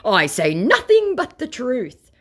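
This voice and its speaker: A woman's voice: a little high, wildly swooping pitch, slow, pitched above the performer's own voice, exaggerated voice. Woman mimicking a sneering male scammer. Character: rude male online scammer, boastful and insulting.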